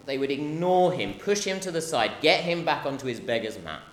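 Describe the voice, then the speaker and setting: A man's voice: on the high side, lively intonation, brisk. A man preaching a sermon, impassioned, acting out the cries and the crowd's voices as he goes. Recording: roomy hall echo, faint background noise.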